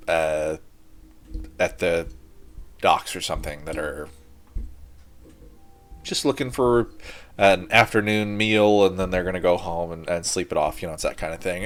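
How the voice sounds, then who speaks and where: Low-voiced man narrating a game. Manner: casual, with lots of fillers. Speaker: game master.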